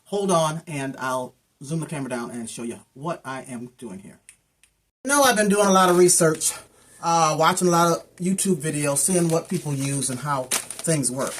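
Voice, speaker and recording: This plant care vlogger has a deep, expressive voice and speaks at a moderate pace. Walking through her house plants in a casual how-to style, she wanders off on tangents and stumbles over the names of plants.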